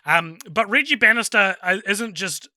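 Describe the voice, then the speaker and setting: Aussie guy podcast host, higher voice, jokey and animated, laughs a lot. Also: moderate pace, no room sound, studio quality. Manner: animated, laughs often, mocking impressions. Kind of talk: casual film review chat.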